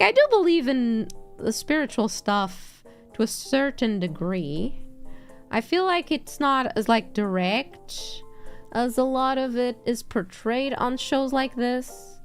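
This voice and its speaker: Lively, swearing woman streamer. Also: a little high, takes it slowly, soft background music. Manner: animated storytelling, swears freely, laughs often. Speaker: VTuber streamer. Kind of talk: casual stream chat.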